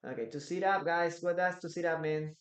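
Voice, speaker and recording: A man's voice: on the high side, fairly even intonation, a little fast, a bit bright. A man with a Peruvian Spanish accent teaching English in a live online class, answering viewers' questions from the chat. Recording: echoey room.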